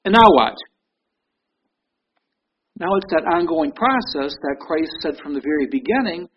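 A man's voice: a little high, animated, measured pace. A middle-aged man, a pastor, preaching a sermon in a conversational way, often restarting his sentences. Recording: dull lo-fi recording with faint noise.

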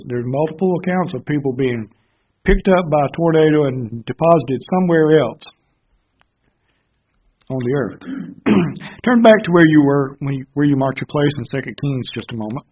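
A man's voice: mid-range voice, lively intonation, moderate pace, husky, lo-fi sound. A man preaching a Bible sermon, earnestly explaining verses step by step.

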